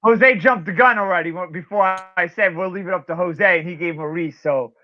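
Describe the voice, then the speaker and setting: A man's voice: high voice, a little fast, a loud crowd. A man hosting a podcast in casual chat, rambling with restarts as he wraps up the show. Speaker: podcast host. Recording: dull, lo-fi sound.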